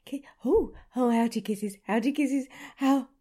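A woman's voice: on the high side, unhurried, warm tone. A young adult woman performing an adult audio role-play, pleading and breathless, sometimes dropping to a whisper.

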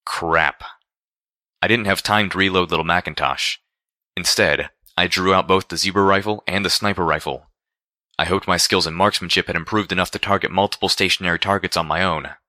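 A man narrating a first-person story with a steady, expressive reading. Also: low-pitched, no room sound, studio quality. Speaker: audiobook narrator.

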